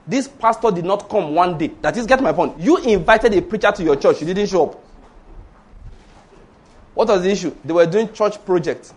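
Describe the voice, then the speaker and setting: A man preaching a storytelling sermon, swinging between hushed asides and loud exclamations. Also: high voice, expressive, normal speed, slightly rough.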